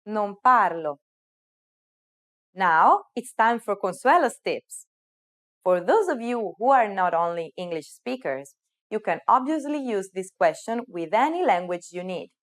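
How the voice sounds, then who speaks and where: Woman presenter, animated melodic delivery, clear and upbeat. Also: medium pitch. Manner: upbeat, clear, speaks target words slowly. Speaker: language teacher. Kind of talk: scripted lesson narration.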